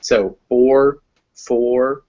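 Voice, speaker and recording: A man's voice: mid-range voice, steady tone, extremely slow, mellow, highs cut off. A man with a Southern American accent teaching English pronunciation, patiently modeling vowel sounds for a learner. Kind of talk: explaining phonetics to a learner.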